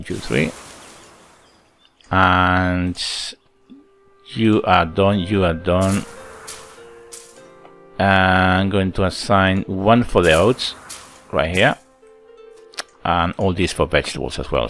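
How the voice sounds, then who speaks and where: Deep-voiced man chatting over game play. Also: fairly bright tone. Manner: chatty, thinks aloud, counts workers under his breath. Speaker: gameplay channel host. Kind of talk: casual let's-play commentary.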